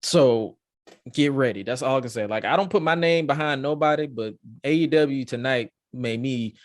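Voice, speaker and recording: A man hosting a podcast, reviewing wrestling in excitable, profane, rambling casual chat. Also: mid-range voice, moderate pace, no room sound, studio quality. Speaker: podcast host.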